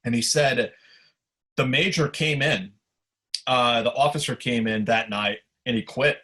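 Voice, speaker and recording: Male podcast guest, mid-pitched, loose conversational storyteller. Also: unhurried. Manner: relaxed anecdotal telling with fillers. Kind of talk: casual storytelling.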